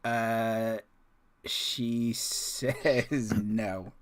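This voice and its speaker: A man running a tabletop game as dungeon master, narrating hesitantly with many pauses and fillers. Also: mid-range voice, lively intonation, crowd noise. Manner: hesitant, many ums and uhs, laughs often.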